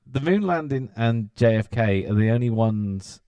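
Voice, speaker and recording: A man's voice: medium pitch, lively intonation, moderate pace, mellow, clean tone, no echo, muffled recording. A British man co-hosting a podcast, chatting casually, teasing and laughing often. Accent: British English. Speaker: podcast co-host. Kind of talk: casual chat.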